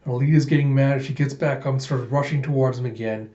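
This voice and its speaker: A man's voice: medium pitch, steady tone, fast talker, warm tone, echoey room, highs cut off. Chatty man recapping a comic. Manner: loose, chatty, with sound effects. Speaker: comic readthrough host. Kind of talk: casual comic recap narration.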